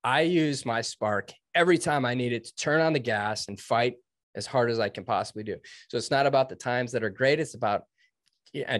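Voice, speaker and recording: A man's voice: medium pitch, fairly bright tone, no room sound, studio quality. A man in his thirties telling a personal story in an interview, earnest and emphatic. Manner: earnest, emphatic, quotes himself and others. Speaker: guest, Navy veteran.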